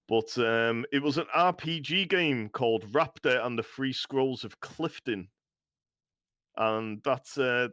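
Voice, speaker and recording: A man's voice: mid-range voice, a bit bright. A man with a light Scouse accent chats casually on a live stream. He rambles and laughs often. His voice sounds dry and close, with no room echo. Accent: slight Scouse. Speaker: guest game maker.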